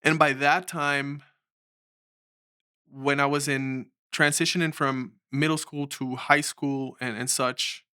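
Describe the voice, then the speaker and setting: A young man from Mexico sits as a filmmaker guest, telling his story in an animated way and slipping into the voices of the people he quotes. His voice is bright and clear, and the recording is close and dry. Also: mid-range voice, slow pace, dry recording. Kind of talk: storytelling interview.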